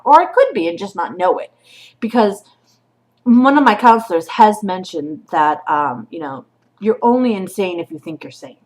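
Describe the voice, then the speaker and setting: A woman with a young son vents casually, cursing freely and swinging from quiet asides to loud outbursts. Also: on the low side, very animated, moderate pace. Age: adult with a child. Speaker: vlogger. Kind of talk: casual venting vlog.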